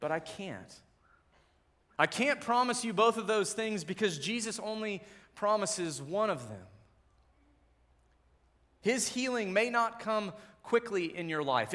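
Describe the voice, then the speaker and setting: A male pastor with a fairly high voice preaches a sermon. He moves between hushed, gentle lines and rising, emphatic peaks, and he settles into a lower, even tone when he reads scripture aloud. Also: slow pace. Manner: swings from soft, quiet lines to loud, emphatic build-ups.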